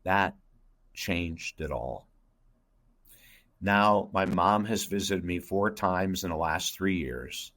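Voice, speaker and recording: Earnest low-voiced man telling a story. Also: animated, slow pace, long pauses, a bit bright. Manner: earnest, intense, addresses host by name. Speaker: guest, life coach. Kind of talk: emotional personal storytelling.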